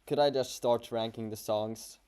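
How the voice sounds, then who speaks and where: A man with a Swedish accent talks loosely to his livestream chat, stumbling and restarting his sentences as he goes. His voice sits at an ordinary middle pitch for a man. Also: steady tone, darkish tone, smooth. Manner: halting, stammering, many restarts. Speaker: streamer.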